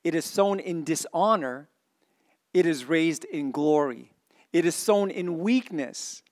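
A male preacher with a slightly high voice delivers a sermon to his congregation. He reads the verses aloud, throws questions out to the pews and goes from excited bursts to hushed, earnest repetition. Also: slow. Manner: animated, swings from excited shouting to quiet earnest emphasis. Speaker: pastor.

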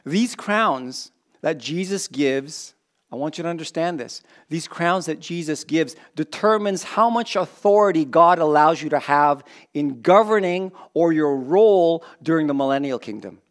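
Man preaching a lively sermon. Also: a little high, measured pace. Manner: conversational preaching, jokes with the congregation. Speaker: pastor.

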